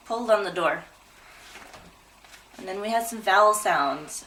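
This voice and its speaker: A woman gives a demo pronunciation lesson at an unhurried, deliberate pace and over-articulates every word. She sounds set back from the mic, with faint noise underneath. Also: mid-range voice, a bit bright, distant mic, rough recording. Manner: slow, drawn-out, over-articulated. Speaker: English pronunciation tutor.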